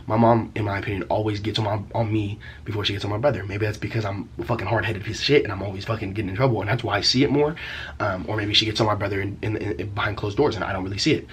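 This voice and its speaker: Young guy ranting a storytime, low-ish voice, talks real fast, swears a lot. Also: steady tone, a little hiss or hum. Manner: rambling, profane, full of slang fillers. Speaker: vlogger. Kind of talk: casual storytime.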